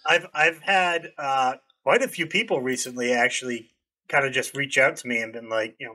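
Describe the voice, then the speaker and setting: A man, a content creator, chatting casually on a podcast, joking and swearing freely, often trailing off quietly. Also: medium pitch, normal speed. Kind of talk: casual chat.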